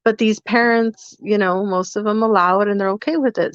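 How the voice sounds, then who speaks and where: A woman's voice: mid-range voice, steady tone, normal speed, hardly any pauses, no room sound. A woman co-hosting a podcast in casual chat, telling a story and acting out both sides of the dialogue. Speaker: podcast co-host. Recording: dull, dry lo-fi sound.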